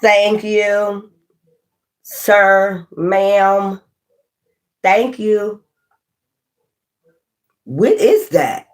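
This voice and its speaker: In this relaxed tarot reading, the mid-range-voiced reader breaks into laughter a lot, curses without hesitation, and slips into brief impressions of imagined people.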